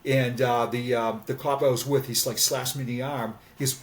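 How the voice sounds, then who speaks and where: A man's voice: medium pitch, quick pace, hardly any pauses. A man around sixty, a former police officer, telling candid stories in a podcast conversation, earnest and repeating words as he restarts sentences. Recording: voice distant from the mic.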